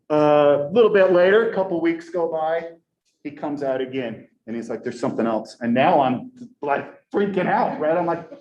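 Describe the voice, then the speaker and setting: A man in his forties, a college professor, telling a story to his class in a chatty, animated way and tagging nearly every sentence with a rhetorical question. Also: a little high. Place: lecture classroom. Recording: echoey classroom recording.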